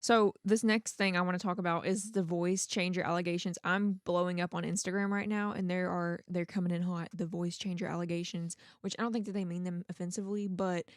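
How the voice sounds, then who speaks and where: A woman's voice: on the low side, steady tone, fairly quick, hardly any pauses, no room sound, clean studio sound. A woman co-hosting a podcast in casual chat, an emphatic and defensive voice actor. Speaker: podcast co-host and prank-call voice actor.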